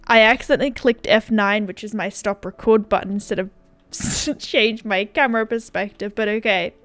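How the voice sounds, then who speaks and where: A woman's voice: medium pitch, moderate pace, a bit bright. A young woman giving casual gameplay commentary, bubbly and gushing. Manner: bubbly and gushing, with many "oh my gosh" exclamations. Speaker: gaming YouTuber.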